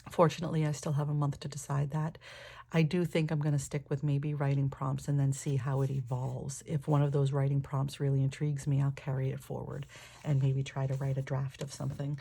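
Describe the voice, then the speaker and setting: A woman with a croaky morning voice, chatting casually and enthusiastically as she shows off a new planner. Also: very deep voice, level tone, a little fast, dark tone. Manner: enthusiastic, thinking aloud with fillers. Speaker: planner vlogger. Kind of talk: casual show-and-tell narration.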